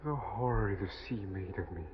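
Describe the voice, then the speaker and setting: An actor playing the ghost of a drowned young man, speaking slowly in a hushed, half-whispered way in a 1940s radio drama. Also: lowish voice, close to an everyday voice. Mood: mournful. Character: ghost of a drowned young son, weary and mournful. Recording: tinny scratchy old radio broadcast.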